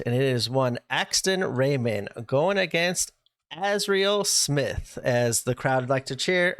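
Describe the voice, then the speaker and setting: A man co-hosting a podcast, recapping events in a lively way and acting out what people said. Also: fairly high pitch, no echo. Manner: animated storytelling, acts out quotes. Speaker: podcast co-host.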